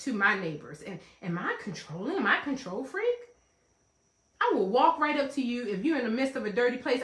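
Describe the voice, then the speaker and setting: A woman's voice: fairly high pitch, fairly bright tone, reverberant. A woman giving a motivational self-help talk, emphatic and repetitive, breaking into playful asides. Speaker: life coach hosting a self-help talk.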